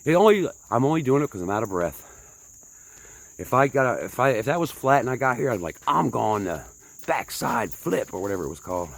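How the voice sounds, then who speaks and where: A man's voice: mid-range voice, big pitch swings, quick pace. A man rambling to his viewers while hiking uphill on a trail, out of breath and chatty, poking fun at himself and asking the folks watching what to do. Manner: chatty, self-mocking, talks to viewers as folks. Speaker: vlogger.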